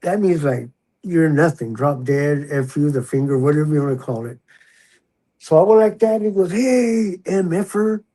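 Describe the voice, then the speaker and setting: Husky older man telling a story. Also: fairly high pitch, normal speed, rough recording. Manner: animated, acts out the quoted voices. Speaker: guest, retired prison officer. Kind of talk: casual storytelling in a podcast interview.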